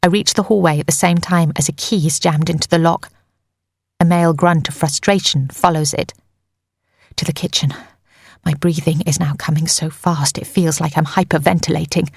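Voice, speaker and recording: A woman's voice: deep voice, fairly even intonation, moderate pace, vocal fry, breathy edge, no room sound. A woman narrating a tense first-person audiobook on a close mic, in an urgent storytelling manner.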